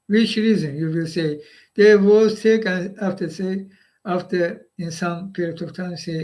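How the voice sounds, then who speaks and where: Slow-talking man, high voice, halting phrases. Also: darkish tone, low-quality recording. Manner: halting, short phrases with rhetorical "huh?". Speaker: live stream host. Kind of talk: political monologue.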